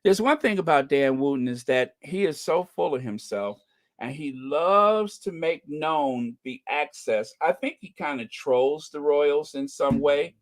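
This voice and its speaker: A man hosting a casual livestream, chatting about news in a sarcastic, gossipy, animated way and laughing often. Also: a little high, unhurried. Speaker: livestream host.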